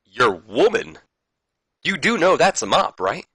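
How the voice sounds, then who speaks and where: A man plays a scoffing male wrestler who mocks his rival in a bright, dry voice. He talks with a teasing disbelief throughout. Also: a little high, very animated, unhurried, breathy edge, dry recording, pitched above the performer's own voice, heavily acted. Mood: mocking. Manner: mocking.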